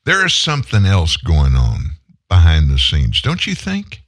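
Casting note: male talk-show host, lively swooping delivery, indignant, rhetorical. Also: sits low, unhurried. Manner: animated, indignant, rhetorical questions. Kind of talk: political commentary.

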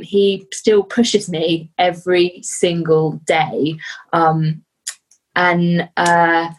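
Brief: young woman guest, somewhat low voice, earnest, halting, heartfelt interview talk. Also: rough recording. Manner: earnest and heartfelt, pausing often with "um". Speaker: podcast guest, fitness athlete. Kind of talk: casual interview chat.

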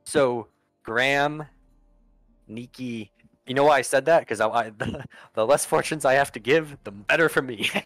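A man's voice: medium pitch, moderate pace, a bit bright, no room sound, faint music behind, rough recording. A man narrating a tabletop game as game master, casual and profane, with lots of ums and uhs.

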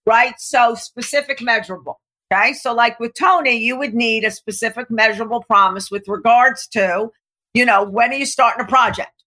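A woman coach talking in an emphatic, animated way, acting out quotes as she tells stories and slowing down to stress her key points. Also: on the high side. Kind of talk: coaching talk to an interviewer.

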